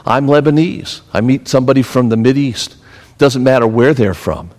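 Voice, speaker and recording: A man's voice: mid-range voice, moderate pace, a little mellow. Preaching man in a reverberant church. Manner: storytelling, rising to emphatic preaching. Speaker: pastor. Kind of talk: sermon. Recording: long hall reverb.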